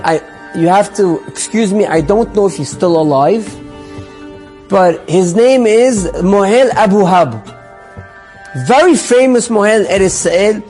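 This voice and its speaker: High-voiced rabbi telling a story. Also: male voice. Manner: animated, acts out the people in the story with voices. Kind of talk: inspirational storytelling talk.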